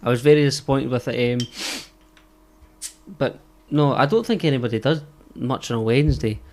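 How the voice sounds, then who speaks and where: A young Scottish man co-hosting a podcast, telling stories in halting, sheepish casual chat with frequent swearing. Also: mid-range voice, darkish tone. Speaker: podcast co-host.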